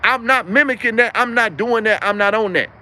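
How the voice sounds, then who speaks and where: The young streamer talks the entire time, delivering a sermon-like monologue in a high voice that's brisk, bright, and forceful, repeating his points emphatically.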